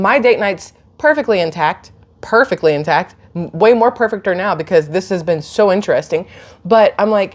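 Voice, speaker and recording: A woman vlogger with a mid-range voice speaks at a moderate pace, casually telling a story to her phone. She's animated and chatty, acting out the people in it with lots of energy, laughing and gasping as she retells it.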